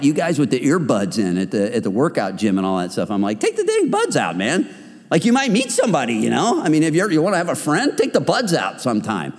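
A man's voice: a little high, a little mellow. Guy preaching to a men's group, casual and jokey, voice bounces up and down, big echoey hall. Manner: conversational, joking, acts out inner voices. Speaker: men's ministry speaker. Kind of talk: sermon.

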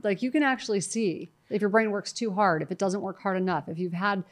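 A middle-aged woman, a guest in an interview, talking in a lively, storytelling way and acting out what others said to her. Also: mid-range voice, a little fast. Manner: animated storytelling, quotes herself and others. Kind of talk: conversational interview.

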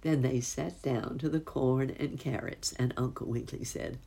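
A woman reading a children's story aloud, slow and expressive. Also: a bass voice, creaky.

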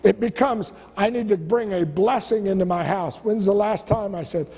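A man's voice: high-pitched, moderate pace, a little mellow, husky. A male pastor preaching a sermon, stacking rhetorical questions and stumbling over restarts. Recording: long church-hall reverb.

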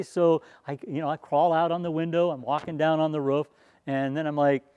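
A man's voice: on the high side, brisk, darkish tone, no room sound. A man telling a personal story in an earnest, conversational way, slipping into sermon-like appeals. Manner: earnest, conversational, turns preachy at the end. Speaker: speaker sharing a testimony.

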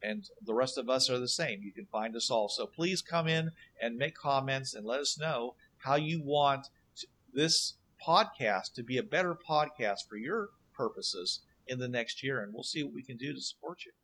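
A man's voice: medium pitch, animated, normal speed, sharp tone, a little hiss or hum. A man co-hosting a tabletop gaming podcast, talking in a loose, casual way. He wanders through his thoughts with plenty of fillers and restarts. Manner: rambling, many fillers and restarts. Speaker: podcast co-host.

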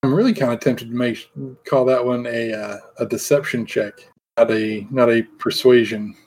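Casting: easygoing male game master, mid-pitched, casual rule talk. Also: moderate pace. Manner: relaxed, many fillers and restarts. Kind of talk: narrating a tabletop game.

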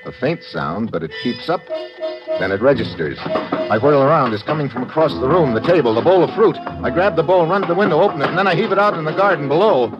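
An actor playing a tough American private eye who narrates in clipped, hard-boiled lines in a 1940s radio drama. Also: male voice, a little high, animated, fast talker, lightly acted. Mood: tense. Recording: dull old radio recording with music.

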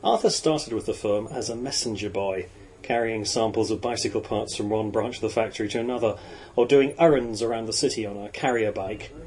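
A man narrating a novel in a measured, even storytelling voice. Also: fairly low pitch, low-quality recording. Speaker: audiobook narrator. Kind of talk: reading a novel aloud.

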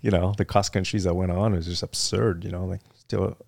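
A middle-aged man with a Vietnamese accent, talking in a loose, rambling way and leaning on "you know" as he tells his story. His voice sits very low with a gravelly fry to it. The recording is dry and close. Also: a little fast, no room sound. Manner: relaxed, rambling, heavy fillers like "you know". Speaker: interview guest, retired Marine fighter weapons officer. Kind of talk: casual interview storytelling.

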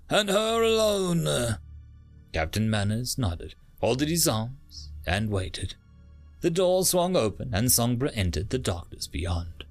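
A man narrating a science fiction audiobook in a dramatic storytelling manner. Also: mid-range voice. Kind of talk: scripted narration.

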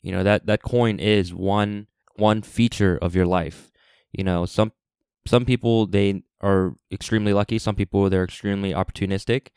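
A man with a very low, resonant voice hosts a solo podcast, thinking aloud in an earnest, reflective way. He often stops and restarts his sentences. The sound is dry and close, with no room echo. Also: fairly even intonation, a little mellow, clean tone. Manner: halting, with many restarts and fillers. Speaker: podcast host. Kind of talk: unscripted solo podcast monologue.

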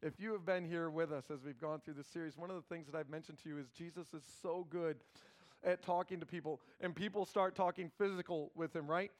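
A man preaching a sermon, moving between emphatic loud passages and hushed low ones and acting out biblical characters in quick quoted asides. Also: steady tone. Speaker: pastor.

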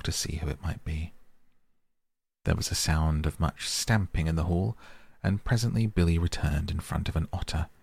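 A man narrating a storybook in a measured, steady reading. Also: sits low, gravelly, slightly rough, dry recording.

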